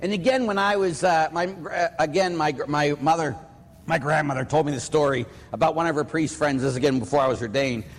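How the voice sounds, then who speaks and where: A man's voice: a little high, a little fast. A man from Pittsburgh, a priest, preaching a conversational sermon full of plainspoken stories. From Pittsburgh, USA. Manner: storytelling, anecdotal and plainspoken. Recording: long hall reverb.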